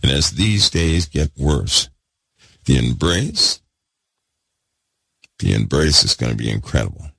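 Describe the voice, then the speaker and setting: A man preaching a fervent sermon, repeating himself and swinging between loud bursts and hushed asides. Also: very deep voice, sing-song, takes it slowly, creaky, long pauses, slightly rough, no echo.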